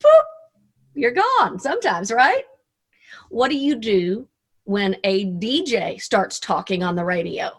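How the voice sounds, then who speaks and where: A woman's voice: mid-range voice, sing-song, measured pace. Folksy Southern woman presenter. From Arkansas, USA. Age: middle-aged. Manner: folksy, chatty, playful asides. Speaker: radio DJ giving a business talk. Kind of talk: lively motivational presentation. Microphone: video call.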